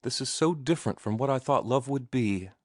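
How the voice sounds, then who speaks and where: A man voicing a shy, earnest young woman in love, speaking softly and slowly in a lifted voice. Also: mid-range voice, animated, dry recording, studio quality, pitched above the performer's own voice, natural voice. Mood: tender, anxious.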